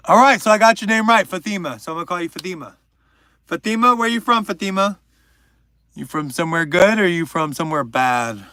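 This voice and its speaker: A man's voice: high voice, expressive, a little fast, sharp tone, dry recording. A young man hosting a livestream, chatting casually and joking while reading out viewers' names. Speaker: livestream host.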